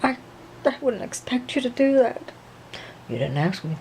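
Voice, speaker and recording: A woman plays a nervous, gushing young woman in a homemade pretend drama. Her voice is mellow, fretful and halting, stumbling over repeated words. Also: fairly high pitch, big pitch swings, slight background noise, poor audio. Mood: emotional.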